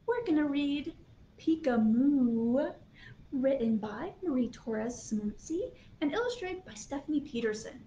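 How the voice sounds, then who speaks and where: A children's librarian leading a toddler storytime, talking in an animated sing-song way with gasps of delight. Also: female voice, sits high, unhurried, reverberant, dull audio, slight background noise. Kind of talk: toddler storytime with songs and picture books. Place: library program room.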